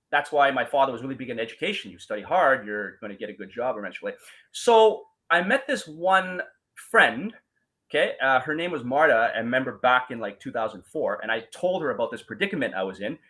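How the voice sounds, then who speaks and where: A man telling his story as a guest in a casual talk, animated, acting out quoted voices and using many fillers. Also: medium pitch, rough recording.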